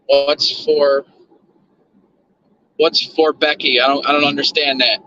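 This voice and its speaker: A man's voice: on the high side, flat delivery, slow pace, pushed and bright, dull audio, slight background noise. A man chatting loosely to his stream chat while driving, repeating words and drifting between thoughts. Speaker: livestream host. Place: in a car.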